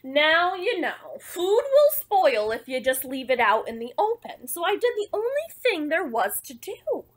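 A woman reads a picture book aloud, telling it in the first person with playful asides to her listeners. Her voice sits high and swings widely in pitch. She takes her time, leaning on each phrase. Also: unhurried. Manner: expressive, playful, conversational asides. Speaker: storybook reader.

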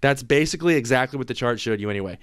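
A man's voice: medium pitch, rapid-fire, a bit bright, clear, resonant tone. A man hosting an informal screen-share explainer, talking emphatically and reassuringly, often repeating and restarting his words. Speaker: software company host.

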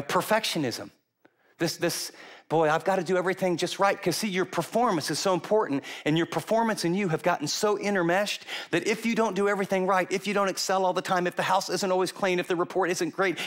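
A middle-aged man preaching a sermon, animated and emphatic, often repeating words and acting out quoted voices. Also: high voice. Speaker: pastor.

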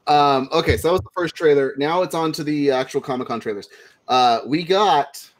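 A man hosting a live podcast, easygoing, reading out viewer comments with drawn-out fillers. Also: a little high. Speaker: podcast host reading chat. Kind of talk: casual nerd-news chat.

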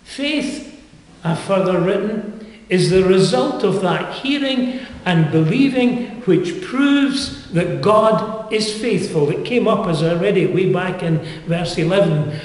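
An older man preaching a sermon, with earnest, dynamic delivery that surges up in pitch and volume. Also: animated, slow pace. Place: chapel. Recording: echoey chapel with long reverb.

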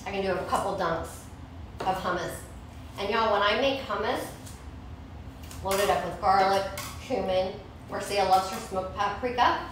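A woman's voice: medium pitch, normal speed, long pauses, fairly bright tone, very echoey, distant mic, slight background noise, rough recording. A woman hosting a casual home cooking show, chatting and snacking in her kitchen as she preps food. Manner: chatty, eats while talking, laughs easily.

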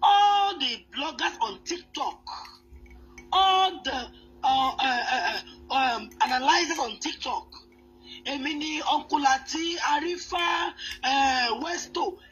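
A woman's voice: high voice, takes it slowly, a bit bright, dull audio, soft background music. A woman hosting a commentary show, speaking earnestly with many restarts and fillers. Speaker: host. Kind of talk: commentary on celebrity news.

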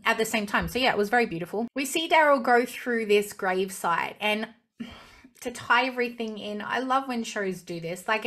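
A woman's voice: medium pitch, a bit bright. A young woman vlogging a casual review of a TV series finale, gushing with enthusiasm as a fan.

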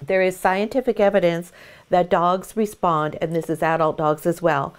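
A middle-aged woman, a dog breeder, giving a gentle, calm demonstration of how to groom a puppy. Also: lowish voice, moderate pace, clean tone. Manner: sing-song baby talk to the puppy.

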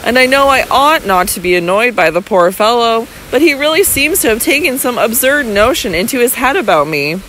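A woman's voice: on the high side, very animated, fairly quick, few pauses, slight background noise, poor audio. A woman doing a sweet, fragile Lady Audley. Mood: plaintive. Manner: soft, injured, coaxing pleas. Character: young wife, sweet, fragile, secretly scheming.

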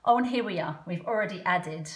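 A woman teaching a children's phonics lesson from home, slowly sounding out letters one by one with patient encouragement. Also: lowish voice, lively intonation. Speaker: primary school teacher.

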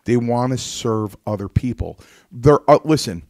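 A man's voice: mid-range voice, expressive, a little slow, a little mellow, dry recording, studio quality. A man hosting a casual talk show who tells rambling stories and often restarts his sentences. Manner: rambling storyteller, lots of restarts. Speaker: host.

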